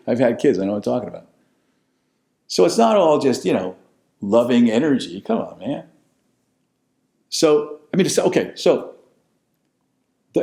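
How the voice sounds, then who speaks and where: Blunt older man with a lively voice. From United States. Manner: animated, blunt, profane, swings from loud to low. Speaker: podcast host telling his life story. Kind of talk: casual storytelling monologue.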